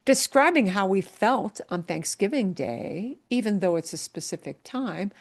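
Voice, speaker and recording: A woman teaching a Spanish grammar lesson in a slow, unhurried way. She keeps checking in with her students and stretches out the key words to make them stick. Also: medium pitch, lively intonation. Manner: encouraging, checks in often with "okay?".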